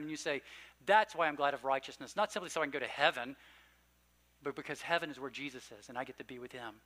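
A man preaching a sermon as pastor, earnest and conversational, punching key phrases and then dropping low and slow. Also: sharp tone. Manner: conversational asides with fillers.

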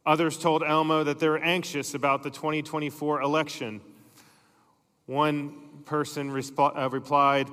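A middle-aged male pastor preaching a sermon in a church, telling stories and dropping his voice to soft, slow emphasis. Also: on the high side, flat delivery, big-room sound. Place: church sanctuary.

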